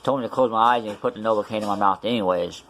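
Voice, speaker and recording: A man's voice: lowish voice, racing, fairly bright tone, slight background noise. A man vlogging casually about his tooth extraction, rambling with many fillers and restarts, his mouth still numb. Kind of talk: casual storytelling vlog.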